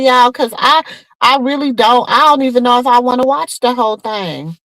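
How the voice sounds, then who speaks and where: A woman's voice: a little high, normal speed, no room sound, poor audio. Chatty woman gossip host, dry sound. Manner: animated, chatty, talks straight to viewers. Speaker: podcast host. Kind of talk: casual gossip commentary.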